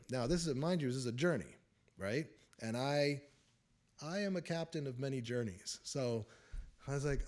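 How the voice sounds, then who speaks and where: A man's voice: mid-range voice, lively intonation, measured pace, long pauses, a little mellow. A man hosting a casual spiritual talk, rambling through his testimony and chuckling often. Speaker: host of a spiritual talk show.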